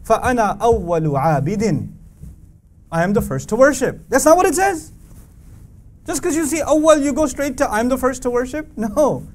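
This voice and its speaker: A man teaching a Quran lesson to an audience, animated and questioning, reciting Arabic verses between English explanations. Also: extremely high pitch, moderate pace. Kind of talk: religious lecture to a live audience.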